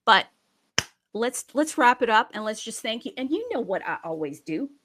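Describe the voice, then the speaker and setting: A woman hosting a crypto livestream, talking in an energetic, chatty and openly salesy way as she promotes a wallet and marketplace. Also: on the high side, normal speed, background noise.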